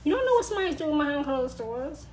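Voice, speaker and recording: Insistent high-voiced woman, repeating herself. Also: sing-song, fast talker, a little mellow, a little hiss or hum, poor audio. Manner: insistent, repeating phrases for emphasis. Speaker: witch sharing advice. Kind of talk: emphatic monologue to camera.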